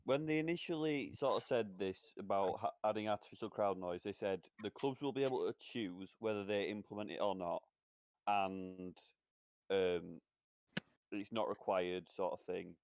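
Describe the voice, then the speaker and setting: A young man on a casual podcast, teasing the others with halting starts. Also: lowish voice, darkish tone, no echo. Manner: teasing, halting, laughs easily. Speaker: podcast co-host. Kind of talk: casual chat.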